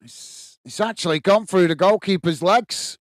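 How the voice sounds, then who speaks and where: A man from the UK hosting a live football watch-along, calling the play and warmly greeting viewers by reading their chat messages aloud. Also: on the high side, fairly even intonation, measured pace, clear, resonant tone, no echo. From United Kingdom. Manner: friendly, reads viewer comments aloud and greets them.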